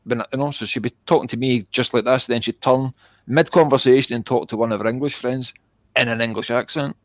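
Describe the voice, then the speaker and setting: A man's voice: medium pitch, fairly even intonation, fairly quick, dry recording. A Glaswegian Scottish man talks in a blunt, casual way, dropping "mate" into his sentences. His voice sits mid-range for a man and is recorded dry and close, with no room sound. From Scotland, east end of Glasgow. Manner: blunt, swears, says "mate" often. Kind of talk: casual chat.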